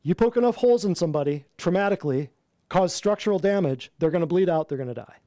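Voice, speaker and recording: A man's voice: sits high, lively intonation, fast, dark tone, no echo, studio quality. A man teaching a natural health class in an emphatic, repetitive lecture style, often asking the room questions.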